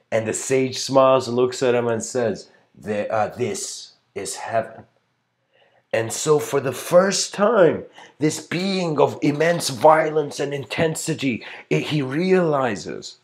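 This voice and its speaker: A man giving a livestreamed philosophical lecture in an earnest, rambling way, full of fillers and searching for words. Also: medium pitch. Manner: rambling, filled with "you know" and "like".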